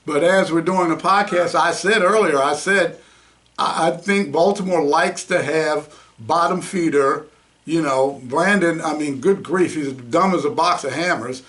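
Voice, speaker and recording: A man's voice: on the high side, unhurried, fairly bright tone. A man hosting a political podcast, blunt and mocking. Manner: blunt, mocking, laughs at his own jabs. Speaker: podcast host.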